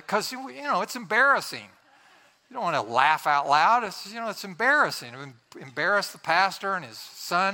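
A middle-aged man preaching, telling a funny church story in an animated way, laughing as he goes. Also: high voice. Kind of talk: sermon with a humorous story.

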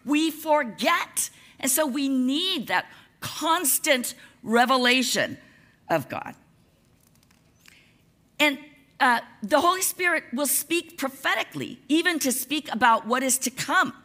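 A woman pastor delivers a sermon in a relaxed, conversational way. Her voice sits fairly high and bright, and her pitch moves a lot as she speaks. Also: slow pace. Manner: conversational, lively preaching with casual asides.

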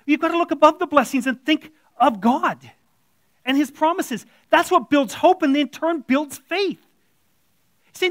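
A man's voice: very high voice, a little slow, a bit bright, dry recording, clean studio sound. A man preaching an informal sermon as a church elder, blunt and conversational, slipping into quoted voices. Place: church room with audience.

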